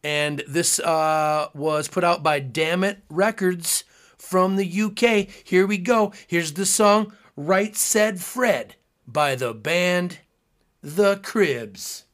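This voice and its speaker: A man's voice: sits high, takes it slowly, fairly bright tone. A man hosting his own podcast, talking in a casual, earnest, musing way with frequent fillers. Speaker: podcast host. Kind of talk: casual solo podcast talk.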